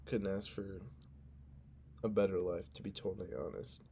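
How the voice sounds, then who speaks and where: A man's voice: low voice, level tone, moderate pace, dark tone, a little hiss or hum. A young man hosting a casual solo podcast, talking in an earnest, rambling way and cutting himself off, sounding drowsy. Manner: rambling, earnest, self-interrupting. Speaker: podcast host.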